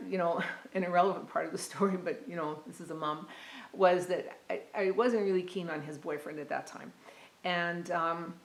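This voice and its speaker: Middle-aged mom giving a talk, earnest, lots of ums and restarts, kinda echoey room. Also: female voice, lowish voice, fairly bright tone. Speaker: parent giving a talk to university students. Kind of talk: personal storytelling talk.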